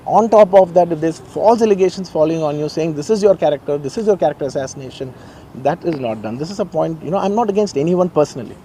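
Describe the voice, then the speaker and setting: A man with an Indian English accent speaks quickly and earnestly in a press statement, repeating phrases to press his point. His voice sits a little high but sounds mellow and warm. Faint outdoor traffic hums behind him in a garden. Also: animated. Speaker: film actor giving a press statement.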